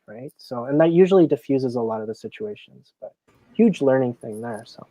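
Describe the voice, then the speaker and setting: A man's voice: mid-range voice, a little fast, dry recording. A man who works as a casino floor supervisor, a guest telling stories in a casual interview, chatty and full of fillers. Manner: chatty, filler-heavy, animated retelling.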